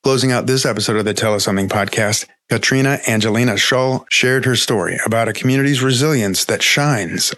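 Measured man hosting a podcast. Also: medium pitch, fairly bright tone, no echo. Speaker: podcast host. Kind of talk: scripted narration.

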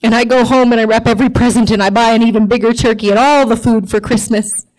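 Animated woman telling a comic story. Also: a little high, fast, rough recording. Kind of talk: personal storytelling to an audience.

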